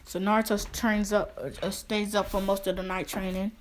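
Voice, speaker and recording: A woman's voice: medium pitch, level tone, moderate pace, a little hiss or hum. A woman improvising a fan story, rambling with many restarts and fillers.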